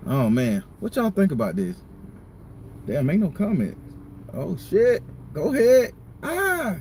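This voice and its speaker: A man's voice: medium pitch, huge pitch swings, unhurried, dark tone, a little hiss or hum. A man hosting a live stream from a parked car, venting in a heated, profane rant. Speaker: tarot reader and channel host.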